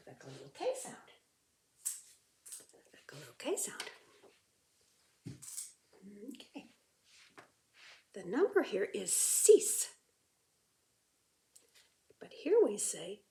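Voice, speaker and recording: A woman teaching a beginner French lesson, drilling words slowly for listeners to repeat. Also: mid-range voice, sing-song. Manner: drills words slowly for repetition, with bright exclamations. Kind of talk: slow, lively beginner language lesson.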